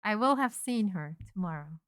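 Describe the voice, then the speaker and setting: A young woman streamer in casual chat, telling a rambling, animated story full of restarts and self-interruptions. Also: mid-range voice, normal speed, no echo, clean studio sound. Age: young adult.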